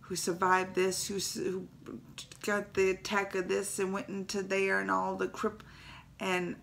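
A woman hosting a casual reaction video, retelling a story in an excitable, emotional way with dialect phrases and a creaky, teary edge. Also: medium pitch, measured pace, slight background noise. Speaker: YouTube reaction host.

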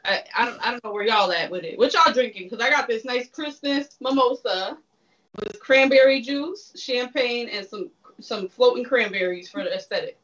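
A woman's voice: fairly high pitch, normal speed, fairly bright tone. A woman hosting a casual online game show, chatty and teasing, laughing often. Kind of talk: casual chat. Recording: distant, muffled sound.

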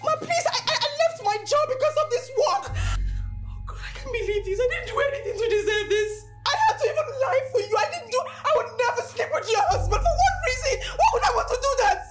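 A tearful young Nigerian house cook. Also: female voice, extremely high pitch, animated, a little fast, over music. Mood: sobbing. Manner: sobbing, stammering pleas.

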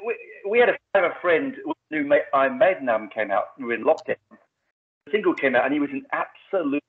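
A man interviewing a musician, chatty and agreeable, telling stories in a lively way. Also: mid-range voice, brisk. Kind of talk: casual interview chat. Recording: tinny phone-like line.

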